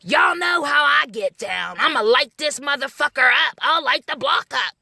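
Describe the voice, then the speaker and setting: A woman imitating an angry grown man neighbor who yells loud, blustering threats. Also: sits high, expressive, moderate pace, creaky, no echo, heavily acted. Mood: bragging.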